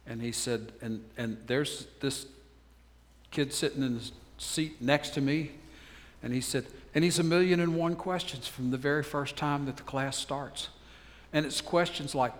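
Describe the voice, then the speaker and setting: An older man, a pastor, preaching a sermon with a folksy story and then leading a slow, earnest prayer. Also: mid-range voice, fairly even intonation, a bit bright, in a large hall.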